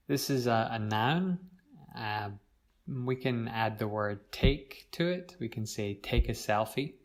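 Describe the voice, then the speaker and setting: Slow-talking man teaching english words. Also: mid-range voice. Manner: slow, clear, stretches words to model pronunciation. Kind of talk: vocabulary lesson.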